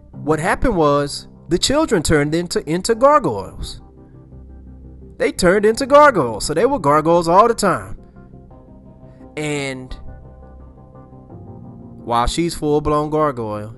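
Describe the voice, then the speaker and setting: A man's voice: a little high, big pitch swings, a little slow, pauses often, fairly bright tone. Man casually retelling a scary scene, faint music behind. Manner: rambling, repeats himself, slangy asides. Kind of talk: casual storytelling.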